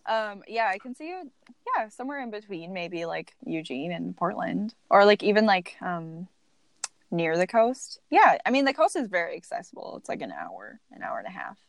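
A woman's voice: medium pitch, very animated, normal speed, creaky, dry recording. A bubbly young woman in her twenties chats as a podcast guest and laughs easily. Her voice sits in the middle of the range, and the recording is dry and close with little room sound. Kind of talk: casual chat.

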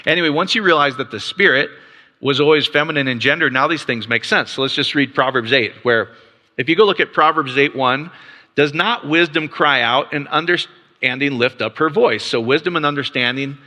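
A man's voice: medium pitch, fairly quick, bright, forceful tone. A man giving a casual Bible teaching with slides to a live group, checking in with rhetorical questions and often restarting his sentences. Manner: casual, peppers points with rhetorical "right?"; frequent restarts and stammered repeats. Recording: long reverb of a large hall.

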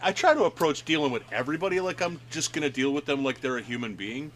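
Male co-host, blunt swearing rants, lively pitch, others chiming in over him on the call. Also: quick pace, a crowd in the background. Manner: blunt, profane ranting. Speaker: podcast co-host. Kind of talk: casual group chat. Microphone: remote video call.

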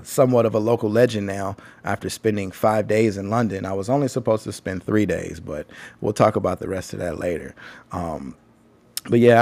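A man's voice: lowish voice, gravelly, a little mellow. A young man from Tennessee with a Southern American accent, telling a rambling, casual travel story as a host, with frequent ums and swearing. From Tennessee, USA. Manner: laid-back, rambling, frequent ums and profanity. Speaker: podcast host.

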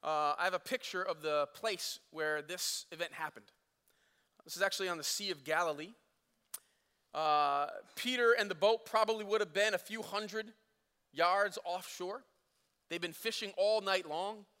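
A man preaching a sermon, telling a story casually and acting out the quotes, swinging from loud to hushed. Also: sits high, unhurried, clean tone, long reverb tail. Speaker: pastor.

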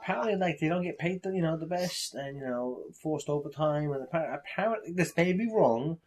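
A man's voice: on the high side, expressive, a little fast. A man in casual chat, rambling bluntly through his opinions and swearing freely.

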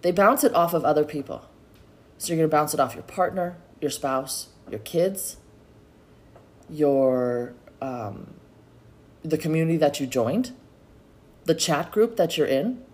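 A woman's voice: low-pitched, expressive, unhurried, pauses often, darkish tone. A middle-aged woman hosting a solo podcast, talking in a chatty, encouraging way and calling her listeners y'all. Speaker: podcast host. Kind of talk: motivational solo podcast talk.

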